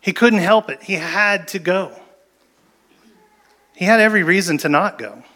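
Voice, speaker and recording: A man with a fairly high voice preaching a sermon. He tells the story with energy, jumping into acted-out lines from the people in it. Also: moderate pace. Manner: animated storytelling with acted-out quotes. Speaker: pastor.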